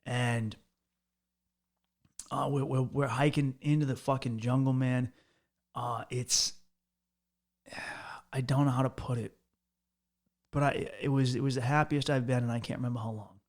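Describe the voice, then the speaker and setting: A man's voice: medium pitch, steady tone, unhurried, pauses often. A young man from the United States, hosting a podcast and telling a long travel story in a loose, profane, rambling way with lots of restarts. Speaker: podcast host. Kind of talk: casual storytelling monologue.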